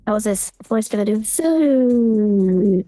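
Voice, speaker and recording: A man behind a voice changer plays a teasing, chatty young woman who jokes through her football round-up. The voice is mellow and dark-toned, and the sound is dry and close. A little music sits faintly underneath. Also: high voice, fairly even intonation, normal speed, no echo, voice pushed up. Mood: playful. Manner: jokey, teasing. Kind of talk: casual podcast commentary.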